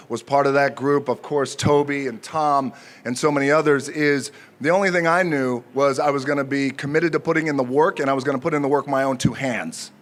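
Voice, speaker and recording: A man in his forties giving an unscripted acceptance speech at an outdoor ceremony, joking and pausing often with fillers. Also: on the high side, a bit bright. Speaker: speaker at an outdoor honor ceremony.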